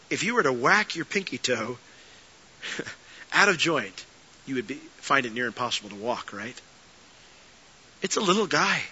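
Bright-voiced man preaching a lively sermon. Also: medium pitch, slightly rough, highs cut off. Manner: lively storytelling, drops to soft earnest tones. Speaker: pastor. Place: church sanctuary.

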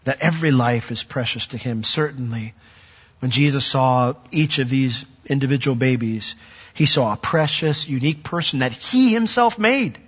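A middle-aged man preaching from the pulpit, his voice bright and a little husky. He talks in a conversational way with touches of dry humor. The sound is muffled and lo-fi, with a long reverb from a large church hall. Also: mid-range voice, moderate pace. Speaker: pastor. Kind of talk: sermon.

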